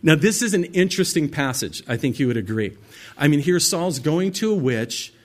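A man's voice: on the high side, animated, moderate pace. A man teaching from the Bible as a pastor. He reads passages aloud and then explains them in a conversational way, talking to his listeners directly. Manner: addresses listeners directly as "guys".

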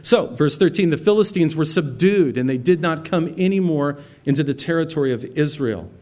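A man's voice: on the high side, lively intonation, brisk, darkish tone. Man teaching through a Bible passage. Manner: conversational, explains terms, quotes scripture with feeling. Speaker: pastor.

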